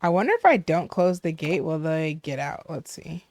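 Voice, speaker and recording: A woman's voice: low-pitched, lively intonation, normal speed, darkish tone, no echo, clean studio sound. A young woman hosting a gaming video, giving casual gameplay commentary, curious and cooing at cute things.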